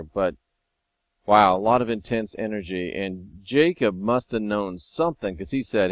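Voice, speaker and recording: A man hosting a casual video monologue, talking wryly and sometimes excitedly as he reads and comments on scripture. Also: on the low side, normal speed, no echo. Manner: conversational, wry, sometimes excited. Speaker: video host.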